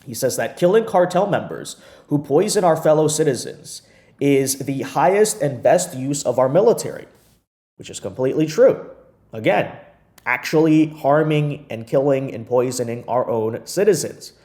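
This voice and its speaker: A man's voice: medium pitch, darkish tone. A man hosting a political commentary video, talking in an emphatic, repetitive, mocking way.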